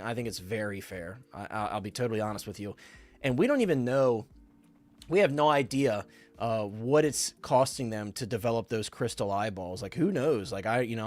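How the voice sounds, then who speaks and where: A man talking on a live stream in a loose, enthusiastic way. His voice sits at an ordinary middle pitch for a man. He rambles, circles back with "like" and "you know", and answers viewers by name as he goes. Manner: enthusiastic, rambling, many fillers and restarts; reads out and answers viewer comments. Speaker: livestream co-host. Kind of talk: casual live-stream chat.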